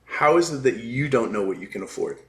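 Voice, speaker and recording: A man's voice: mid-range voice, animated, a little fast, roomy sound, a little hiss or hum. A middle-aged man co-hosting a casual advice chat, teasing and prompting with questions. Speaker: co-host.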